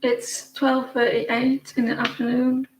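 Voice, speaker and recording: A woman with a slightly high voice hosts a live tarot reading and chats loosely with her viewers. She rambles and trails off, often restarting her sentences. The room is echoey, with a faint hiss underneath. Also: flat delivery, takes it slowly. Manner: rambling and chatty, with frequent restarts. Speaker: tarot reader hosting a live stream. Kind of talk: casual live-stream chat with viewers.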